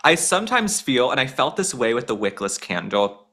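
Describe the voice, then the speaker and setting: Bright-voiced excitable young man. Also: normal speed. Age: young adult. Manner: excitable, acts out quotes in high voices. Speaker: political reporter guest. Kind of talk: casual chat.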